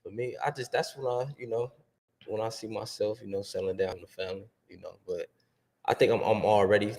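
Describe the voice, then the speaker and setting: Man, twenties, podcast guest, low-pitched, laid-back, hesitant. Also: fairly even intonation, a little fast, a little mellow, a little hiss or hum. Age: 20s. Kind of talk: casual podcast chat.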